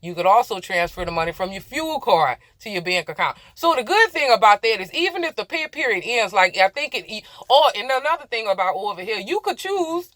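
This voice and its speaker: A young woman talks to her viewers from the cab of her truck. Her voice is bright, and the sound is dry and close. She rambles, apologizes for losing the thread, and laughs at herself as she explains. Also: medium pitch, big pitch swings, brisk, hardly any pauses, dry recording. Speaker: truck driver vlogger. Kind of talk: casual chatty explainer vlog.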